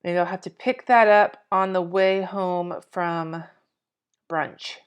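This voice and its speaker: A woman's voice: lowish voice, steady tone, slow pace, smooth. A woman in her forties, chatty and scattered, talking to herself and to viewers while she decorates a planner on a live stream, swearing casually. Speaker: planner vlogger.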